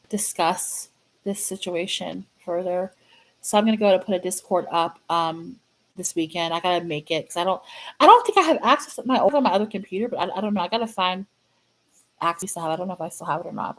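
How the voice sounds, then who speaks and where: A woman hosting her own fan channel, chatting casually and sadly to viewers, halting and repeating herself with many fillers. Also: mid-range voice, a bit bright, poor audio. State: sad, grieving. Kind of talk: casual livestream chat to viewers.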